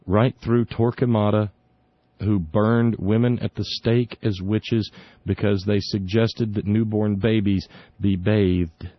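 Speaking slowly in a steady voice on the low side, a talk radio host delivers indignant, sarcastic political opinions, tripping over his words and restarting frequently. There's no echo, and the recording comes across as dull, dry, and lo-fi.

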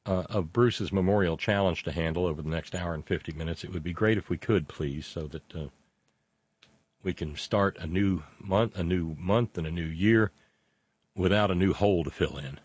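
A man's voice: deep voice, normal speed, breathy edge, no echo. A man hosting a live radio talk show from a studio, chatting casually in a blunt, jokey way.

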